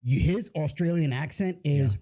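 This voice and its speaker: A man from New York co-hosting a podcast, explaining things in relaxed, casual chat. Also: on the high side, normal speed. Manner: relaxed, explains with "you know what I'm saying". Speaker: podcast co-host.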